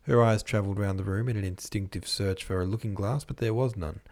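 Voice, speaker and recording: A man reading a classic novel aloud as a podcast host, in measured literary narration. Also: lowish voice, fairly even intonation, creaky, a little mellow. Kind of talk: scripted narration.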